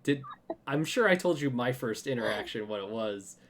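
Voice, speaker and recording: A man's voice: mid-range voice, animated, moderate pace, a little hiss or hum. A man hosting a podcast in casual chat, telling stories and laughing often. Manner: chatty storyteller, laughs often. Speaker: podcast host.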